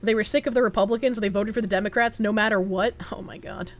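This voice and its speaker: A woman's voice: medium pitch, fairly even intonation, fast talker. A young woman with a Boston accent, chatting bluntly and with plenty of profanity as she reads out her stream chat. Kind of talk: casual livestream chat.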